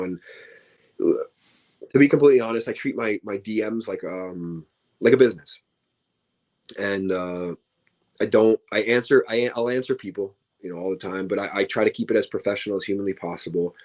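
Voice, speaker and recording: A man's voice: fairly low pitch, a little mellow. Tired man rambling with restarts. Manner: rambling, many restarts and fillers. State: tired, yawning. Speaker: professional wrestler, guest. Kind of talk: casual interview chat.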